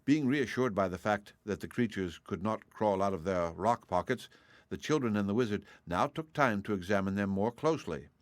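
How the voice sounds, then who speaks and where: Low-voiced man narrating a book. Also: expressive, moderate pace, no room sound. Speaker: audiobook narrator. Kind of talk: reading aloud a classic novel.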